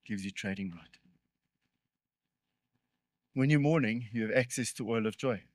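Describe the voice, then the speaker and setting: A man's voice: on the low side, measured pace, no room sound. A man preaching a sermon in a conversational way, with earnest emphasis and joking, self-deprecating asides. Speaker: pastor.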